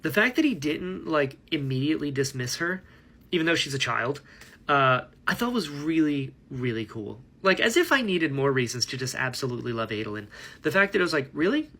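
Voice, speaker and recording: Brisk, bright and forceful, his mid-range voice is very animated as he chats to camera about a book he's partway through. The book vlogger rambles with enthusiasm and laughs at himself in this casual reaction video.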